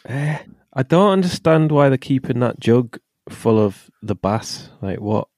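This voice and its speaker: A man co-hosting a casual chat podcast, asking quick questions and swearing in short reactions. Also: medium pitch, expressive, darkish tone, dry recording, studio quality. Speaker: podcast co-host.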